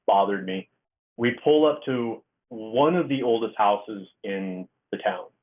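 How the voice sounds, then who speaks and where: A man's voice: on the low side, expressive, unhurried. A man, a guest author, telling a personal story in a casual interview, rambling with restarts and acting out the dialogue. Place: Oregon. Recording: tinny phone-like line.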